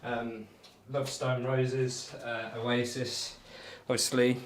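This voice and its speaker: A man's voice: mid-range voice, little pitch movement, takes it slowly, a little hiss or hum. Chatty man live-streaming while throwing darts. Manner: chatty, rambling, friendly banter with viewers. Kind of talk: casual live-stream chat reading comments.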